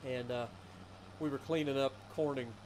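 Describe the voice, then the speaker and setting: Appalachian man, casual streamer, clear deliberate talk, faint hiss behind. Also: mid-range voice, fairly even intonation. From Appalachian foothills of Ohio. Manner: chatty storyteller, careful enunciation. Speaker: streamer playing a farming game. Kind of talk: casual live-stream chat.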